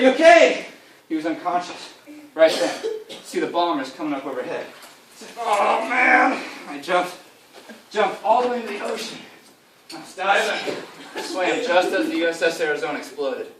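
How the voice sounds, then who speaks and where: A man telling a deadpan comic tall tale, rambling on with loud acted-out quotes and chuckling asides. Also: sits high. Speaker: speaker giving a comic presentation. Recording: echoey room from far off, faint hiss.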